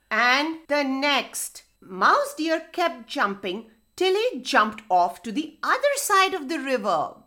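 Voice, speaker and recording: A woman reads a story to children in a bright, lively, sing-song voice. She takes her time, slow and expressive, with faint music behind her. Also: on the high side.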